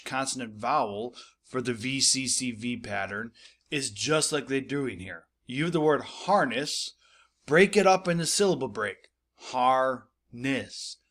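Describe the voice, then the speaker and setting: A man's voice: medium pitch, fairly bright tone. A man teaching a recorded spelling lesson to schoolchildren, explaining patiently, repeating points and checking in with "right?".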